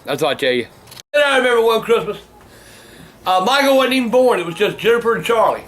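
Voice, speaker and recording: An older man telling profane stories that break into shouting rants. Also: sits high, very animated, fast talker. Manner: cursing constantly, bursts into shouting. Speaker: vlog host telling stories. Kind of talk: profane storytelling rant.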